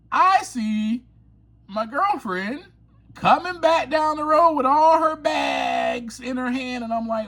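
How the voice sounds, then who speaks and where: A man's voice: very high voice, very animated, a little slow, a bit bright. A man hosting his own podcast, telling a personal story in a candid, confessional way and laughing often. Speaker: podcast host.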